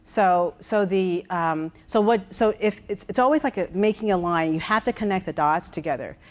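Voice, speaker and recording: A woman executive coach giving a lively workshop talk, walking around as she speaks, repeating words and checking in with her listeners. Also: fairly low pitch, normal speed. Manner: walks around while speaking.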